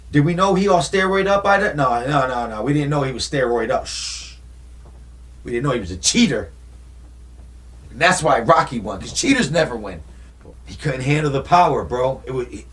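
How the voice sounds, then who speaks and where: A young man vlogging in a casual, animated way, retelling movie scenes and acting out lines as he goes. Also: mid-range voice. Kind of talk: casual movie-talk vlog.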